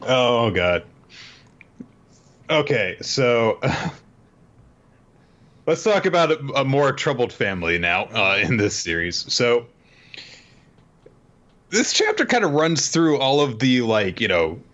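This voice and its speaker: A man's voice: mid-range voice, sing-song, slow pace, pauses often, a bit bright, highs cut off. A young man co-hosting a podcast in casual chat, playfully recapping stories and quoting characters in mock voices. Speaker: podcast co-host.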